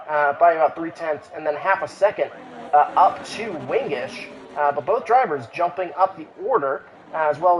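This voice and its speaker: This is a race commentator calling an online sim racing qualifying session live, with frequent "uh" fillers and restarts. His voice is high, and the rough recording carries a little hiss or hum.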